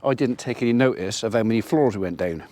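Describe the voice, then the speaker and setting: A man's voice: on the low side, quick pace, dark tone. A man, a farmer, chatting casually to camera as he tells a rambling story about his day. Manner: chatty, rambling anecdote with quoted dialogue. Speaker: farmer vlogger.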